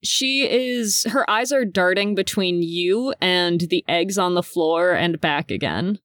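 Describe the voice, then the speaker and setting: A woman's voice: on the low side, takes it slowly, no room sound. A woman narrating as game master of a tabletop game, describing scenes. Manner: descriptive, lively.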